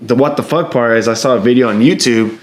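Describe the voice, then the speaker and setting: A man's voice: medium pitch, quick pace, reverberant. A young man co-hosting a podcast, telling a story in casual slang and swearing freely. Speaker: podcast co-host. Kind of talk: casual chat.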